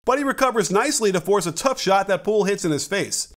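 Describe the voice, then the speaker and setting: A man's voice: high-pitched, expressive, fast, fairly bright tone. A middle-aged man hosting a basketball video, narrating a wry breakdown of game footage with joking asides. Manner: wry, joking play-by-play analysis. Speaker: basketball analyst and host.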